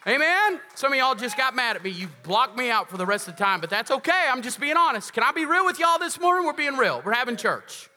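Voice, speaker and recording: A pastor preaches in a high, bright, sharp voice that rings through a reverberant church hall. He is emphatic yet conversational and keeps checking in with the congregation. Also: very animated, fast, few pauses. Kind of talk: sermon. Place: large church sanctuary.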